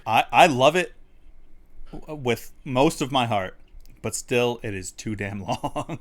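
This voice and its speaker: A man co-hosting a livestreamed talk show, rambling along with lots of ums and uhs. He laughs often as he talks, and his pitch sits in an ordinary middle range. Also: animated, takes it slowly. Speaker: podcast co-host. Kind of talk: casual chat. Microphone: studio mic on a livestream.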